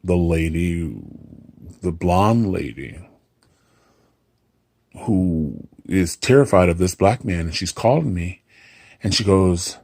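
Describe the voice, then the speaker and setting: A man's voice: deep voice, slow, long pauses, a little mellow, no room sound. A middle-aged man, a hotel front desk clerk, casually telling a story and acting out the dialogue with dry humor.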